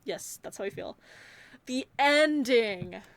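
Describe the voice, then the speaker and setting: A young woman giving a casual movie review, animated and rambling, swearing freely as she rants. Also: a little high, slow pace, no room sound. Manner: rambling, many fillers.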